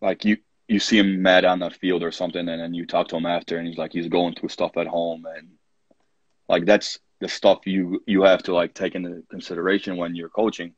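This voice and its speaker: Husky-voiced man telling coaching stories. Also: sits low, fairly quick, dry recording, lo-fi sound. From Poland. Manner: animated anecdotes, acts out his own quoted lines, many fillers. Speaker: college soccer coach, podcast guest. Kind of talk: casual storytelling interview.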